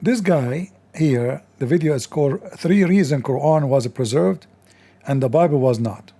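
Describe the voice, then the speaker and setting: Mocking man with a rough, strained voice. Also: a little high, moderate pace, dark tone. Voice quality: non-native English with broken grammar. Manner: mocking, insulting, sarcastic. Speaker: host. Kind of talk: scornful commentary.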